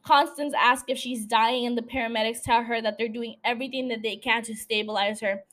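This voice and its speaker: A young woman hosts her own podcast and recaps a TV episode in loose, conversational storytelling. She swears freely and drops teasing asides to her listeners. Her voice sits a little high. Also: steady tone, fairly quick, fairly bright tone. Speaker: podcast host.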